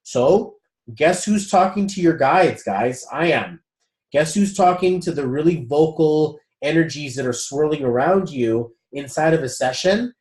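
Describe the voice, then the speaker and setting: A man with a somewhat high voice coaches a group in a loose, conversational way. He swears now and then and keeps talking straight to the group as guys. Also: animated, measured pace, a little mellow. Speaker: spiritual coach leading a group session. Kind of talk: casual group coaching talk.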